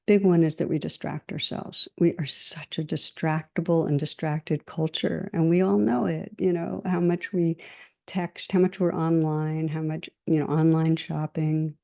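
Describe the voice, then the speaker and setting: This dharma talk comes from a middle-aged woman teaching meditation, and her deep voice carries vocal fry. She speaks gently and in a measured way, recounting stories and slowly enumerating things.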